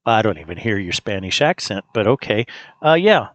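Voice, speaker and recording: A man hosting a casual demo, talking in a relaxed, rambling way with fillers. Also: lowish voice, moderate pace, no room sound. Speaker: host demonstrating an app. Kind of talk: casual screen-recorded demo.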